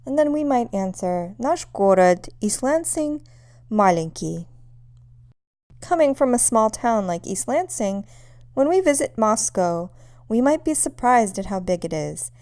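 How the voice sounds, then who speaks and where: A young adult woman teaching a language lesson, speaking in a clear, measured way and saying example sentences slowly. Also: on the high side, lively intonation, mellow, no echo, studio quality. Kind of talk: scripted lesson narration.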